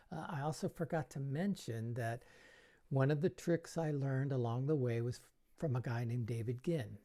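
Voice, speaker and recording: A middle-aged man with a gravelly, mellow voice talks through show tips in a loose, chatty way. He keeps slipping into playful, silly kids' show banter to show what he means, then drops back to easy explanation. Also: medium pitch. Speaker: magic show coach. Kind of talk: casual tutorial talk.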